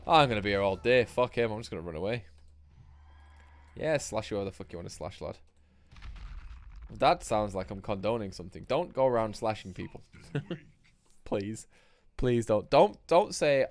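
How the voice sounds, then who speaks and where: Man, game streamer, swears a lot, very lively pitch, rambling. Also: normal speed, long pauses. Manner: sweary, rambling, self-mocking. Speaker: gaming streamer. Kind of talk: live gameplay commentary.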